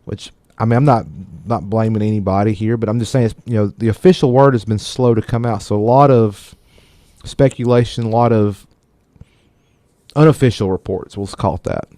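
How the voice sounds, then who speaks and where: A man with a fairly low, steady, mellow voice reads tech news at a moderate pace while co-hosting a casual radio show. Frequent verbal stumbles leave him laughing at himself. The audio has no echo.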